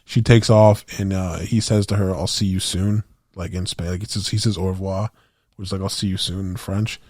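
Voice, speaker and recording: His voice sits low and darkish, with fairly even intonation and a brisk pace, in clean studio sound without echo. This man co-hosts a podcast, rambling casually through movie scenes, acting out the dialogue and swearing a lot.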